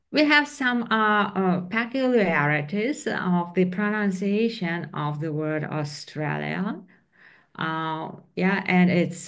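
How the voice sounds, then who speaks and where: Slow, hesitant woman lecturer. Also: low voice, fairly bright tone. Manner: hesitant, many fillers and restarts. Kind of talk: academic presentation on slides. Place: online training session.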